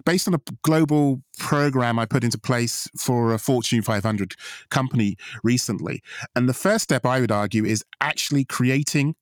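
A man's voice: mid-range voice, moderate pace, no echo. Confident emphatic man, dry sound. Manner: confident, emphatic, repeats key phrases. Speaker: podcast co-host. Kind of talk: pitching ideas in conversation.

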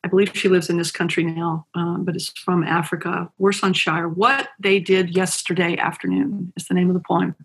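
A woman reading a poem aloud slowly and with care, pausing between the lines. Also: lowish voice, level tone, slightly rough. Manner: slow, measured, with pauses. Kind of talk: slow poetry reading.

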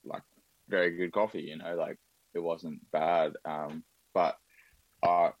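Deep-voiced man, rambling and enthusiastic. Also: little pitch movement, a little slow, dry recording, dull audio. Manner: rambling, filler-heavy, enthusiastic. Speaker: podcast guest. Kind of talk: casual chat.

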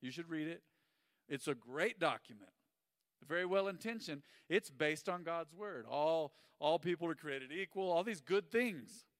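A pastor delivers a lively sermon, his fairly high voice swinging from loud bursts to near-whispers. The mic sits close and dry, yet a long hall reverb trails after his words in the sanctuary. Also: measured pace. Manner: animated storytelling preacher, swings from loud to hushed.

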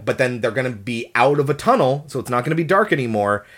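A podcast co-host talking in a measured, explanatory way during a casual film discussion. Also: mid-range voice, lively intonation, fairly bright tone.

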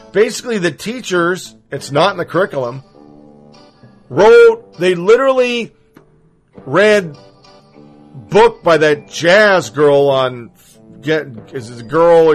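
A man's voice: fairly high pitch, poor audio. Sarcastic, profane male commentator. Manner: sarcastic, heavy swearing.

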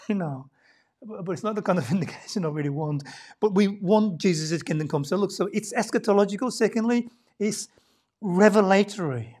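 Husky-voiced woman preaching a sermon. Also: medium pitch, lively intonation, normal speed. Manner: dynamic, swings from loud emphasis to hushed near-whispers; conversational, with rhetorical questions and laughs. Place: church.

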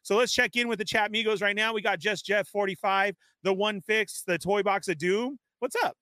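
A man hosting a live toy-collecting stream from home, casually rambling and giving upbeat shout-outs to viewers. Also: sits high, normal speed, no echo. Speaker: host. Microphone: webcam setup at home.

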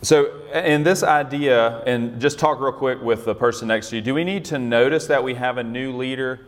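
A man's voice: mid-range voice, moderate pace, big-room sound. A man leading a group Bible study, talking conversationally, restarting phrases and often checking in with "right?". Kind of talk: teaching a group discussion.

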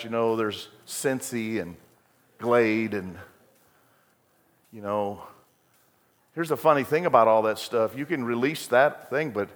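A male pastor preaching a sermon, telling folksy stories and building to emphatic bursts. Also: mid-range voice. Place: church sanctuary. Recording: long hall reverb.

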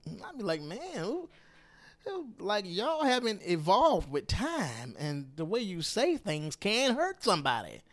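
A man delivers a podcast monologue in a fairly high, very animated voice. He hammers his points home by repeating phrases, now loud, now hushed. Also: a little slow, hardly any pauses. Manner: emphatic, repeats phrases for stress, swings between loud and hushed. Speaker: podcast host. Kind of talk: opinionated political monologue.

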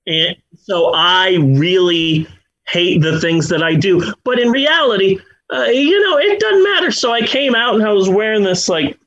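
A man's voice: sits high, animated, measured pace, fairly bright tone, muffled recording. A middle-aged man hosting a podcast, chatting casually in a rambling, self-deprecating way with many restarts. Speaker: podcast host. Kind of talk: casual chat.

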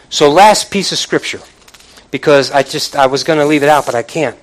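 A man's voice: a little high, moderate pace, poor audio. A man preaching a sermon from the pulpit in a conversational way, calling out to the congregation. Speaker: pastor. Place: church, from the pulpit.

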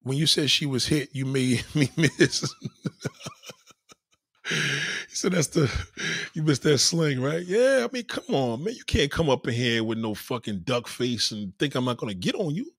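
Hosting a live stream, a man answers his chat in a blunt, profane, boastful monologue. His mid-range voice is husky and fairly bright, with lively intonation and a measured pace, captured as clean studio sound with no echo.

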